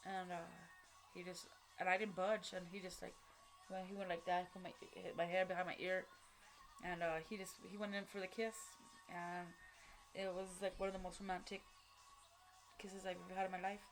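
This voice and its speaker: A woman tells a personal story in a halting way, with many fillers and restarts. She is blunt and swears casually. A faint bed of music plays under her voice. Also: lowish voice, level tone. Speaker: vlogger.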